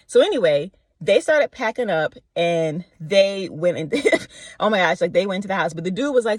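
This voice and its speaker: A woman telling a casual faith storytime in an animated way, acting out the people she quotes with slangy asides. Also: on the low side, moderate pace, dry recording, studio quality. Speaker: faith vlogger.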